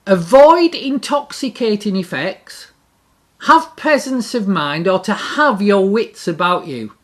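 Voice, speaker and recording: A middle-aged speaker giving a devotional talk in an animated way, repeating key phrases for emphasis. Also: mid-range voice.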